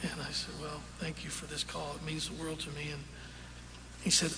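A man telling a story on stage in a folksy, unhurried way, with fillers and quoted dialogue, recorded live in a large concert hall. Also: on the high side, completely flat delivery. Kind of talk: onstage storytelling. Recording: roomy live hall recording with audience noise.

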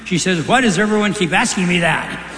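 A man doing stand-up, telling quick folksy jokes on stage with offhand asides between punchlines. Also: high-pitched, animated, noisy background. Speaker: stand-up comedian. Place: large live venue. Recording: roomy hall with long reverb.

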